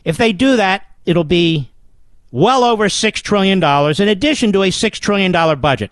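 A man's voice: high voice, lively intonation, moderate pace, no room sound, clean studio sound. A man hosting a political talk radio show, delivering a combative and sarcastic monologue.

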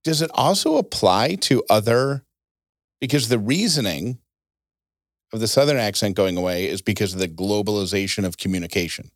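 A man hosting a casual chat show, telling stories with a voice that jumps high for emphasis. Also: normal speed, no room sound, clean studio sound. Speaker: podcast host.

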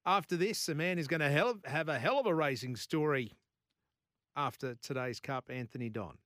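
A man's voice: a little high, a bit bright, no echo. A man, hosting a morning radio show in a chatty, storytelling way. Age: 40s. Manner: chatty storyteller, quick asides and laughs. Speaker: radio host. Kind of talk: casual radio chat. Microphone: studio microphone.

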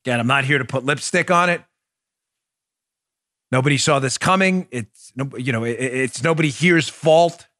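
A man hosts a political podcast with a mid-range voice at a moderate pace, a bit bright, recorded dry and at studio quality. His commentary is emphatic, building to heated points he keeps repeating.

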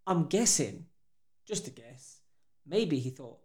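A man's voice: fairly high pitch, slow, long pauses. A young man, co-hosting a podcast in casual chat and acting out the people in his stories. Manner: animated storyteller acting out quotes. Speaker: podcast co-host.

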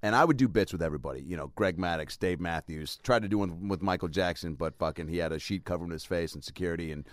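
A man in his late thirties, hosting casual comedic chat as an animated storyteller who slips into loud mock voices. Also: low-pitched, fast talker, few pauses, dry recording, studio quality. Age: 30s. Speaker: podcast host.

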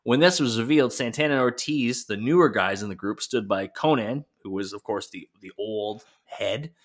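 A man's voice: on the low side, normal speed. Guy cohosting a podcast, laid back, swears a lot. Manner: casual, swears freely. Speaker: podcast co-host. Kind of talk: casual chat recapping wrestling.

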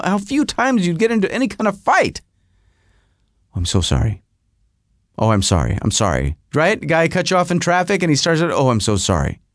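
Podcast host, man, slightly high voice, animated and rambling, casual monologue. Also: dry recording, studio quality. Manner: animated, rambling storyteller with self-interruptions.

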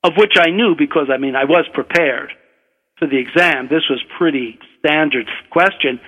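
An older man from Brooklyn, a physician and author, telling a relaxed, wry anecdote. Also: a little high, normal speed. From Brooklyn, USA. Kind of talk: anecdotal storytelling. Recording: dull radio broadcast, long reverb.

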